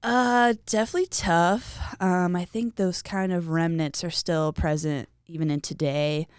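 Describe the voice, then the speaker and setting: A young woman speaks in a pitch a little lower than most women's. Her voice is very smooth and clean. The recording is dry and close. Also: a little slow, dry recording. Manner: animated, acts out quoted voices, frequent "like". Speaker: guest. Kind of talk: casual conversational storytelling.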